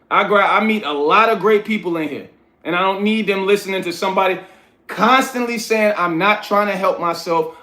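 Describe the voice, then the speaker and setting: New guy on a livestream, blunt and preachy, kinda high voice, echoey room. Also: fairly bright tone. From New York. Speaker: livestream host. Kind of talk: casual livestream chat, reading chat aloud.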